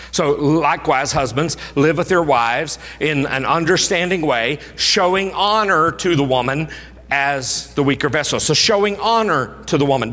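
A male pastor preaching a sermon, emphatic, swinging from raised urging to hushed low tones. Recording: reverberant hall.

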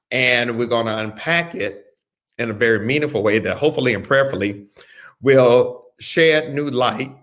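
A male pastor leads a Bible study at an unhurried pace. His pitch sits in an ordinary middle range. He talks deliberately, repeats key phrases and gives careful instructions. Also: fairly bright tone.

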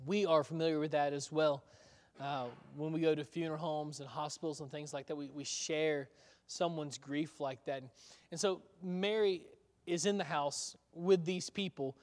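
A man's voice: a little high, steady tone, moderate pace, darkish tone. A male preacher giving a sermon in a conversational storytelling way, asking the listeners rhetorical questions. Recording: long hall reverb.

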